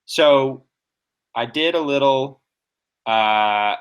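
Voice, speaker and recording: A man's voice: medium pitch, very slow, smooth, highs cut off. A young man co-hosts a casual poetry podcast, walking through a poem's rhythm with eager, nerdy enthusiasm. His talk is explanatory and chatty. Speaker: podcast co-host.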